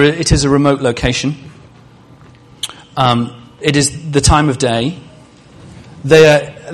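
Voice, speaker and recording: In a mid-range voice, a male preacher talks through his sermon casually, quizzing the congregation and tossing in jokes along the way.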